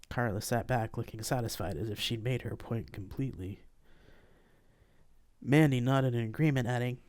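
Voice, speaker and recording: An author narrating a first-person space opera, live-streamed, expressive reading. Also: medium pitch, measured pace, pauses often, no room sound, clean studio sound. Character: reluctant young man, self-effacing.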